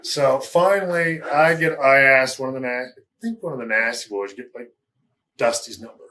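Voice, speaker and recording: Male guest, casual storyteller, middle pitch, candid and rambling. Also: normal speed, bright, forceful tone, a little hiss or hum. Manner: rambling and candid, with chuckles and fillers. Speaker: interview guest.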